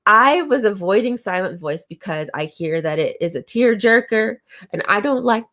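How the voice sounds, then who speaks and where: A woman's voice: mid-range voice, lively intonation, normal speed, a bit bright. A woman reviewing manga in a casual chat to camera, talking enthusiastically with lots of fillers and restarts.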